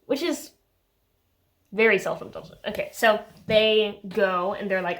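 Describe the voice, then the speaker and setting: A woman's voice: medium pitch, lively intonation, unhurried, a bit bright. A young woman vlogging about a book she read, chatty and sarcastic, full of filler words. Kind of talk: casual chat.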